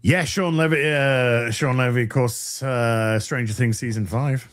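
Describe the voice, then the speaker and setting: A man's voice: medium pitch, fairly even intonation, unhurried, clean tone. A man hosting a casual podcast chat, rambling with restarts and chuckles. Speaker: podcast host.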